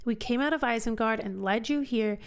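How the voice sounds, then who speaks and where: A woman's voice: fairly high pitch, brisk, clean tone, lightly acted. A woman reading aloud the lines of a brutal, boastful orc commander, in a voice close to her own. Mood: commanding. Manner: read aloud from a book in a plain voice.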